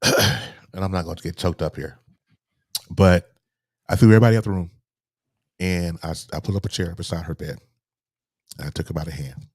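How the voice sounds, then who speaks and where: A man, a guest telling a painful personal story in a halting way, repeating words, his voice sinking low and soft. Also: dry recording, clean studio sound. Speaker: interview guest.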